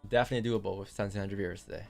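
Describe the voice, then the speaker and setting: A man's voice: fairly low pitch, steady tone, racing, gravelly, faint music behind. A young man hosting a live trading stream, chatting casually and directly to his viewers in a laid-back way. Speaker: livestream trading host. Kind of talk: casual livestream chat.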